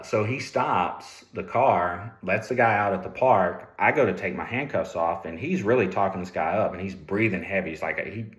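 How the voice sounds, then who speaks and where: Man, middle-aged, very low voice, former trooper, candid storytelling, conversational with restarts, echoey room. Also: a bit bright. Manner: conversational, repeats and restarts words. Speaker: police ethics lecturer, former trooper. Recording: roomy echo.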